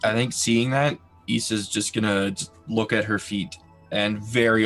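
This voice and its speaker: A man describing his character's actions in a tabletop game, soft-spoken and thoughtful. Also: fairly low pitch, steady tone, unhurried, faint music behind. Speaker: player.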